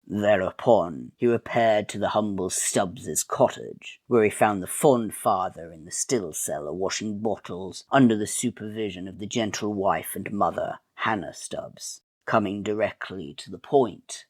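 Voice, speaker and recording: A man with a very low, deep voice reads a story aloud in a mock-dramatic, wry manner. The sound is close and dry, with no room to it. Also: unhurried, hardly any pauses, dry recording. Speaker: narrator. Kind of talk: melodramatic storybook reading.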